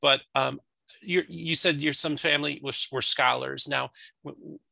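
Gravelly bright-voiced male interviewer. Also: a little high, steady tone, dry recording. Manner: halting, with restarts. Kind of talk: conversational interview.

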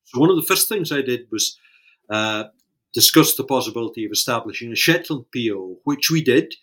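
A man's voice: mid-range voice, expressive, a little fast, bright, forceful tone, slightly rough. A man with a mid-range voice answering interview questions about his career. He speaks thoughtfully and hesitantly, repeating small words while he gathers his thoughts. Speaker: interview guest, fishing industry leader. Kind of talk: recorded oral-history interview.

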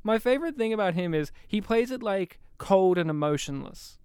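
Casual podcast co-host, male, high and clear, animated and sweary, dry close sound. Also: normal speed, no echo. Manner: animated, sweary, mimics lines. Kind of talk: casual film review chat.

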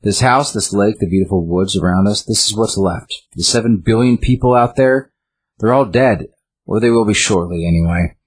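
Guy reading as a serene, all-powerful host, low and husky, measured and soothing. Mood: calm. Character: calm godlike male host ending the world.

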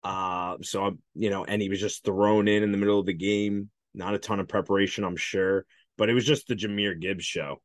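A man's voice: low voice, fairly even intonation, brisk, no room sound. A man co-hosting a sports podcast, rambling in a laid-back way about games and bets and swearing freely. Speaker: podcast co-host, betting analyst. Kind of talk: casual sports podcast chat.

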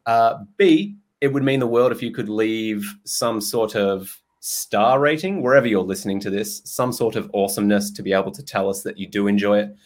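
A young man with a lowish voice hosts a relaxed podcast chat. He is loose and jokey, drops in swear words and breaks into laughter often. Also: fairly quick, hardly any pauses. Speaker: podcast host and nutrition coach. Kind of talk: casual chat.

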